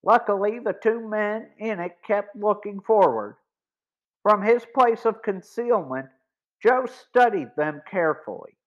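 A man narrating a boys' mystery audiobook in a measured, deliberate reading. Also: sits high. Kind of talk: scripted story narration. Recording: dull lo-fi recording.

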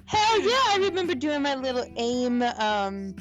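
A woman's voice: high voice, very animated, a little slow, faint music behind. A woman in her thirties co-hosting a podcast, playful and jokey in casual chat. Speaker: podcast co-host.

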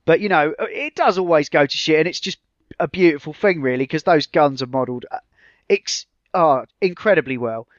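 A man with a somewhat high voice chats casually on a podcast, hesitating and restarting often. The sound is dry and a little dull, like a lo-fi mic. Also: normal speed, no echo. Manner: hesitant, many fillers and restarts. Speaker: podcast co-host. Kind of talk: casual chat.

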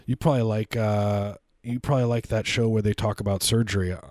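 A man's voice: fairly low pitch, fairly even intonation, a little fast, darkish tone, dry recording, studio quality. A man co-hosting a radio show, joking and rambling through a pledge drive. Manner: rambling, absurd improvised jokes. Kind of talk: casual comedic banter during a fund drive.

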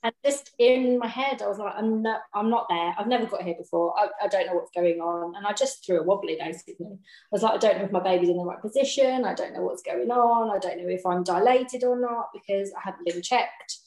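In a roomy, echoing space, a woman with a medium-pitched voice shares her birth story in casual conversation. She speaks a little fast, laughs a lot, and lively acts out what others said.

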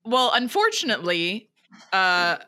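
Lively, exclamatory woman co-host. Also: medium pitch, measured pace, no room sound, clean studio sound. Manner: exclamatory, laughs often, incredulous outbursts. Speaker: podcast co-host. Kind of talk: casual chat.

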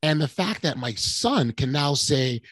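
A man's voice: a little high, measured pace, slightly rough, no echo. A man in his forties hosting a podcast, telling a personal story with animation and lots of restarts. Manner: animated, emotional, frequent restarts and repeated words. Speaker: podcast host. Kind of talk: casual conversational storytelling.

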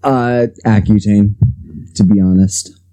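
A man's voice: on the low side, fairly even intonation, slow, dark tone. A man chatting casually as a co-host, cutting in with dry, teasing remarks. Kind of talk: casual chat.

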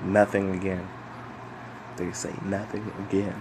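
A young man hosting a casual solo chat, rambling and swearing, with lots of fillers and animated bursts when he rants. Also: sits low, unhurried, creaky, background noise. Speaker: podcast host.

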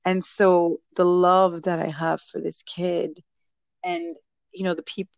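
A woman guest and mother telling a personal story in a casual interview, animated and acting out what people said. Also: fairly low pitch, slow pace, vocal fry, no room sound. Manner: animated, acts out quoted speech.

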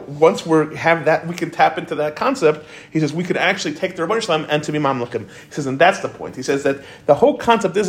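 Conversational rabbi, somewhat high voice. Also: male voice. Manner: conversational, many restarts, quoting commentators. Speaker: rabbi giving a Torah class. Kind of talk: informal Torah shiur.

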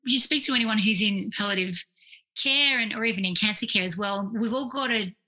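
A woman, a clinical psychologist, telling stories in a casual, animated way, full of fillers and quoted asides. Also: medium pitch, brisk, low-quality recording. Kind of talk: casual storytelling in conversation.

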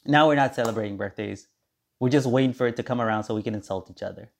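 A man's voice: medium pitch, quick pace, vocal fry. A man hosting his own podcast, talking in a rambling, sarcastic monologue and slipping into mock-cheerful voices of others. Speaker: podcast host. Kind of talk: casual monologue.

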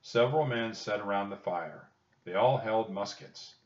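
Man reading a kids' story aloud, very low voice, echoey room, distant dull recording. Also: normal speed, darkish tone. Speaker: narrator.

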